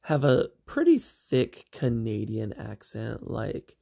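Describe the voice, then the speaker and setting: A man's voice: medium pitch, unhurried, gravelly, darkish tone. A man giving a casual spoken review of a TV series, chatty and meandering with frequent asides.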